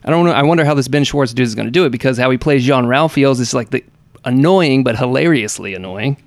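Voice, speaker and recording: Gravelly man rambling through gaming news. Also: medium pitch, fast talker, no echo. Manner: rambling, hesitant, many fillers and restarts. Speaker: podcast co-host. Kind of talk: casual gaming news chat.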